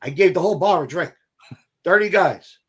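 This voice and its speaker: A middle-aged male actor tells stories in a relaxed interview, full of energy. His voice sits a little high for a man, and he slips into the voices of the people he quotes. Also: normal speed, husky. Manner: animated, acts out quoted voices, swears casually. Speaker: actor guest. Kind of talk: casual interview storytelling.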